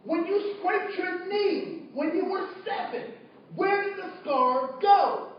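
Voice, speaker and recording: A man giving a storytelling talk as a trainer, animated, asking the audience questions and acting out both sides of a conversation. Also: very high voice, slow pace, slight background noise. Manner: animated, asks the audience questions, acts out dialogue. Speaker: diversity trainer. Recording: echoey room from far off, dull.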